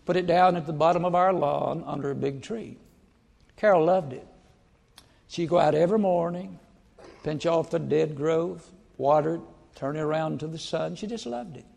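High gravelly preacher in a reverberant hall. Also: male voice. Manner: folksy storytelling preacher, bursts into loud acted-out quotes. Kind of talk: sermon. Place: church sanctuary. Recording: long church-hall reverb.

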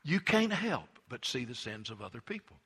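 A middle-aged preacher delivers his sermon in a husky, forceful voice. He drops low and quiet for asides, then surges with fervent emphasis. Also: very animated, moderate pace. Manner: impassioned storytelling preacher, swings from hushed to emphatic. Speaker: pastor.

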